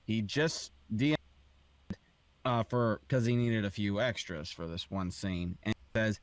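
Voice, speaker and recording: A man telling a story in a casual podcast chat, in a measured, thoughtful way. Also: fairly low pitch, no room sound.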